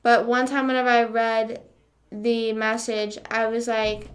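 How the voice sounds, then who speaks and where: A woman's voice: a little high, flat delivery, unhurried. A young woman livestreamer chatting casually with her viewers, sarcastic, full of fillers and swearing. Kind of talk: casual chat with live viewers.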